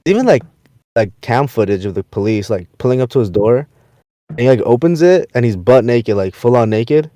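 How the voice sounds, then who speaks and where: A man's voice: mid-range voice, normal speed, no echo, studio quality. A young man hosting a casual podcast, telling stories animatedly and acting out the people in them. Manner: animated storyteller, acts out quoted people. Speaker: podcast host. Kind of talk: casual chat.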